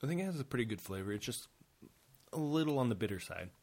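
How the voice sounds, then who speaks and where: A man co-hosting a casual podcast, easygoing and quick to laugh. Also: mid-range voice, sing-song, a little mellow. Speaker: podcast co-host. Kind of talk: casual chat.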